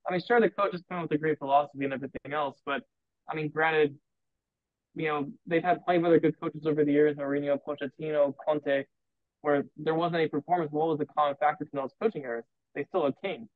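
Fast-talking man on a tinny line. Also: on the high side, steady tone, no room sound. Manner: reasoned, argues a point at length. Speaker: panelist. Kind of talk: casual panel chat.

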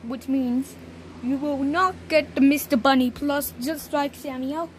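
Synthetic woman as a high-voiced, slow, stiffly scolding cartoon authority woman. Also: slight background noise. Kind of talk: text-to-speech cartoon voices.

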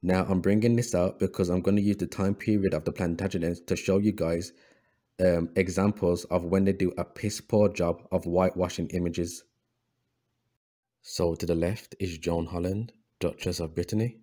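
A low-voiced man narrates over images like a preacher, leaning on the word brothers and circling back on his own phrases. His tone is deep and mellow, with plenty of ums and restarts. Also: steady tone, normal speed. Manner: preachy, addresses listeners as brothers; repeats words, frequent fillers and restarts. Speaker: history video host.

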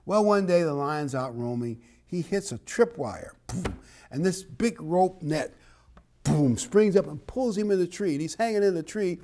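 A man's voice: a little high, expressive, normal speed, dark tone. A man preaching a sermon in a conversational, encouraging way, telling a parable and chuckling now and then.

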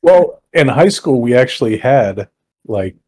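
A man's voice: medium pitch, animated, a little slow, darkish tone, slight background noise. An American man co-hosting a podcast, chatting casually and arguing in a playful, joking way. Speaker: podcast co-host. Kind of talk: casual chat.

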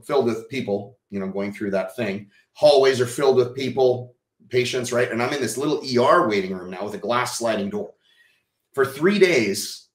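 This podcast guest from Texas animatedly recounts something that happened to him, cursing offhandedly and voicing the people involved. He speaks at a medium pitch in a roomy-sounding space.

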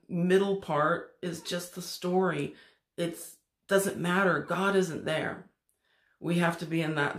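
Gravelly, enthusiastic spiritual teaching man. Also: fairly high pitch, a bit bright, roomy sound. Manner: enthusiastic, preachy, acts out inner voices. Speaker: spiritual channel host.

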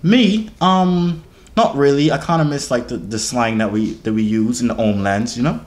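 A man's voice: medium pitch, moderate pace, lightly acted. A young man putting on a mock British accent, playing a cheeky lad. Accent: put-on British.

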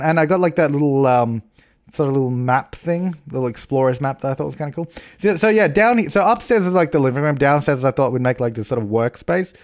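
A man casually narrating a home-building game video, rambling and correcting himself with jokey asides. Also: a little high. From Australia. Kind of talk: casual gameplay commentary.

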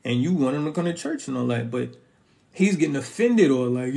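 A man's voice: mid-range voice, lively intonation, fairly quick, creaky, warm tone. A young man giving casual relationship advice straight to his viewers, emphatic and full of slang asides.

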